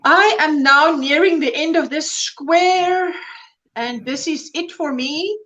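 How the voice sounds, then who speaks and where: A woman's voice: sits high, takes it slowly, bright, forceful tone, low-quality recording. A woman hosting a casual crochet livestream, talking in a gushing, enthusiastic, chatty way.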